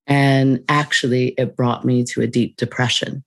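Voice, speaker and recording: A woman guest on a podcast, telling a personal story in a reflective, unhurried way, laughing lightly between thoughts. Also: rumbling low, fairly even intonation, no echo. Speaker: podcast guest, mindfulness teacher.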